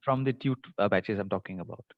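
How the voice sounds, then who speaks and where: A man's voice: lowish voice, fairly quick, no room sound. A male lecturer reviewing topics for an exam in an online class, talking hesitantly with many fillers. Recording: dull dry lo-fi mic.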